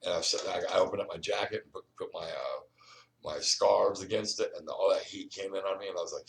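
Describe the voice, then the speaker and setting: Brief: low-voiced man, rapid and rambling, repeats "you know what I mean", preachy, sits back from the mic. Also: steady tone, creaky, far from the mic, low-quality recording. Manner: repetitive, restarts often, keeps saying "you know what I mean"; earnest and preachy, urging the listener. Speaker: vlogger. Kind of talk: rambling personal monologue. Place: indoors at home.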